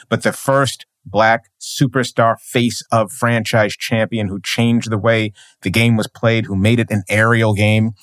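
A man's voice: lowish voice, no room sound. Emphatic man in a dry studio. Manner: emphatic, building points with repeated phrases. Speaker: sports journalist guest. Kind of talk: podcast interview.

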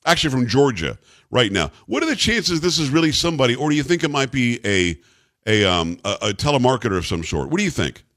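Male radio host, emphatic, lively pitch, close dry studio mic. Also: fast, dry recording. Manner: emphatic, repeats rhetorical questions. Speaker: radio talk show host. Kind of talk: talk radio commentary.

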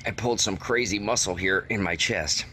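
A man sending a playful recorded shout-out, reading lines in a hammy, drawn-out way and short of breath. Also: on the low side, slight background noise. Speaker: actor sending a recorded message.

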